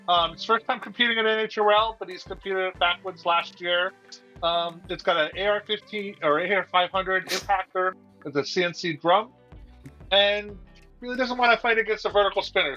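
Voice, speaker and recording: A man co-host speaks hesitantly, full of ums, in a high, bright voice. His mic sounds dull and lo-fi, with faint music behind. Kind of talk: casual chat.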